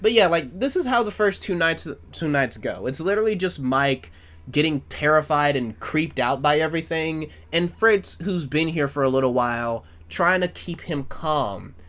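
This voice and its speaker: A man doing casual fan commentary, rambling loosely and swearing freely. His voice sits fairly high and gets animated as he talks. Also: normal speed. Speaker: YouTuber.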